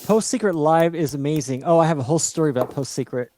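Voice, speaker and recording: A man's voice: fairly high pitch, fast, darkish tone. Chatty man reading viewer comments. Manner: reads out chat comments, chatty and self-deprecating. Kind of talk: casual livestream chat.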